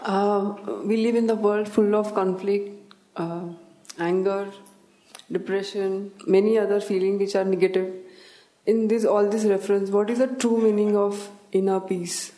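Flat-toned interviewer asking a question. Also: medium pitch, a little slow, reverberant, rough recording.

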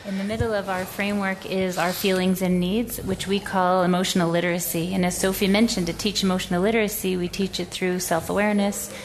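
A woman's voice: mid-range voice, little pitch movement, a little fast, hardly any pauses, a little hiss or hum. A woman educator giving a presentation, telling a classroom story and acting out the quoted voices. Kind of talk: presentation talk.

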